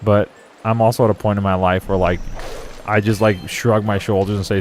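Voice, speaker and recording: Low-voiced chatty male gamer. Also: flat delivery, a little fast, darkish tone, slight background noise. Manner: rambling, chatty, laughs often. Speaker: gaming streamer. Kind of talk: casual let's play commentary.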